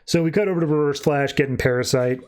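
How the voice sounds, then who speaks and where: A man hosting a podcast, casually retelling a comic book story and slipping into quick voices for each character. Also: on the high side, a little mellow, smooth. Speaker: podcast host.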